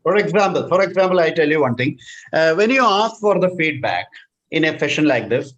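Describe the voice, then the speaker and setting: A man's voice: fairly high pitch, lively intonation, fairly quick, a bit bright, muffled recording. A man, a counsellor answering questions in an online session, explaining and repeating key phrases. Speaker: counsellor and workshop presenter. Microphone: video call.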